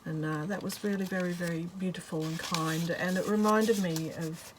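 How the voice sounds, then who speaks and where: A woman's voice: fairly low pitch, steady tone, normal speed, background noise. A woman chatting casually as she works on a craft journal, rambling and breaking off with fillers. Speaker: craft vlogger. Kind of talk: casual chat while crafting.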